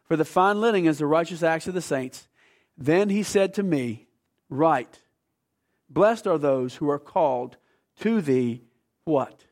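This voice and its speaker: A gravelly-voiced male preacher with a slightly raised pitch delivers an unhurried, emphatic sermon marked by long pauses. He asks the congregation questions and moves between hushed passages and loud, urgent outbursts.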